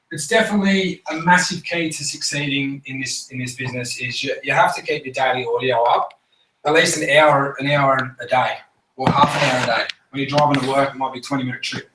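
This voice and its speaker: A man's voice: mid-range voice, steady tone, fairly quick. An Australian man giving a casual motivational talk to a group, blunt and full of swearing. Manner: blunt, swears a lot, acts out others' voices. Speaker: speaker at a business group meeting. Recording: echoey room, mic at a distance, faint noise.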